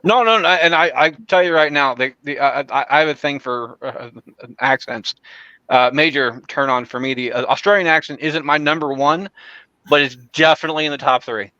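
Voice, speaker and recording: Bright, crisp podcast host. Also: male voice, fairly high pitch, moderate pace, no echo, highs cut off. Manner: rambling, many fillers and restarts. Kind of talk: casual chat.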